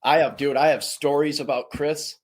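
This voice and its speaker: A man telling casual stories as a podcast guest, lively and full of voices for the people in them. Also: on the high side, moderate pace. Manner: animated, does voices of people in his stories. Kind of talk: casual storytelling.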